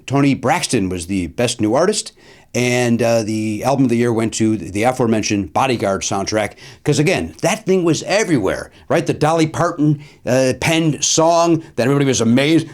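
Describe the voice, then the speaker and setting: A man's voice: medium pitch, lively intonation, moderate pace. Middle-aged guy doing a comedy podcast monologue, wry and self-mocking, voice bouncing up and down a lot, studio mic. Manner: wry, self-deprecating, rambling asides. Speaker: podcast host.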